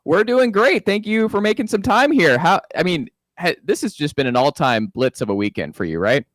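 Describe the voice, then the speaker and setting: A man's voice: a little high, big pitch swings, a bit bright, no room sound. Upbeat man, sports radio host, dry studio sound. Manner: upbeat, quick, with fillers. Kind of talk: casual sports radio talk. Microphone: studio microphone.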